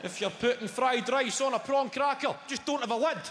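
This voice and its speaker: Swearing Scottish stand-up comedian. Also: male voice, extremely high pitch, a little fast, very noisy. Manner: animated, swearing, storytelling. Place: large comedy venue. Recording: echoey hall with loud crowd.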